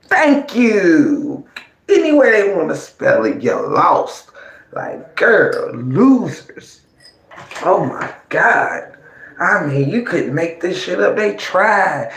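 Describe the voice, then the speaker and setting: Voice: medium pitch, big pitch swings, takes it slowly, gravelly. An online commentator in a mocking, profane, taunting rant, gloating at opponents. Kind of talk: ranting livestream commentary. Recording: roomy echo.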